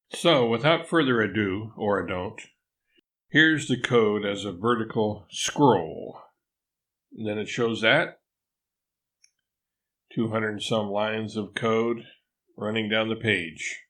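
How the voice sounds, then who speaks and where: A man's voice: fairly low pitch, fairly bright tone. An older man reads his written programming lesson aloud, adding dry, wry asides. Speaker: newsletter author reading his programming lesson.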